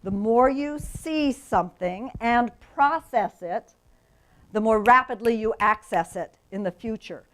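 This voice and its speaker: A woman who teaches reading methods at a university, giving a lively professional development lecture to teachers and often checking in with the audience. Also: fairly high pitch, measured pace, poor audio. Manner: enthusiastic, asks the audience questions, frequent "right?". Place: conference room.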